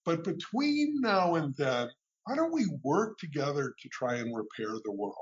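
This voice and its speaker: A man doing an impression of an elderly male statesman speaking gravely in a raised, drawn-out voice, heard on a slightly muffled radio recording. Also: big pitch swings. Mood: earnest. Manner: high, emphatic, drawn-out impression.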